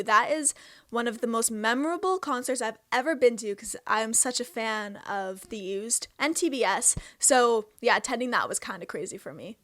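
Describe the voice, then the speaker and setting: A woman's voice: fairly high pitch, fairly bright tone, no room sound, clean studio sound. A Canadian woman in her twenties hosting a casual question-and-answer vlog, chatty and self-amused. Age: 20s. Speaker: host.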